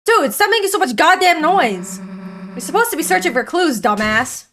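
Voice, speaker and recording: A woman voicing a brash, rough teenage monster girl while reading game dialogue aloud, blunt and teasing. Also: very high voice, very animated, normal speed, a bit bright, voice pushed up, exaggerated voice.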